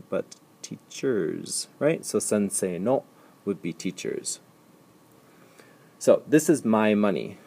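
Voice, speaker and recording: Male teacher, low husky voice, patient step-by-step explainer who repeats examples slowly. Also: mellow. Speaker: language teacher. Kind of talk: recorded slide lecture.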